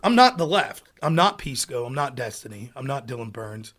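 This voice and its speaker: An American man hosting a political livestream, ranting in an animated, mocking way and sometimes calling himself half asleep. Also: medium pitch, moderate pace. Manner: animated, mocking, slips into loud mocking quotes of opponents. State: sleepy.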